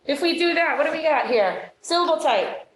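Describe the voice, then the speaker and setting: A woman teacher leading a classroom phonics demonstration with brisk quizzing questions and quick praise. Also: sits high, expressive, crowd noise. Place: meeting room. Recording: echoey room.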